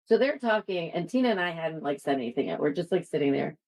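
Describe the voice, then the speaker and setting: A woman's voice: deep voice, animated, fast talker, darkish tone, low-quality recording. A woman from the United States, a podcast co-host telling a story in chatty casual talk with many fillers. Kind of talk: casual chat.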